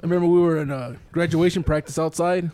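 A man's voice: fairly high pitch, fairly even intonation, quick pace, mellow. A man casually telling stories to friends, laughing often as he talks. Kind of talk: casual storytelling among friends.

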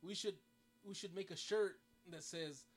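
A man's voice: high voice, a little slow, slight background noise. A man co-hosting a casual podcast chat, rambling with lots of fillers and frequent laughs. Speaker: podcast co-host.

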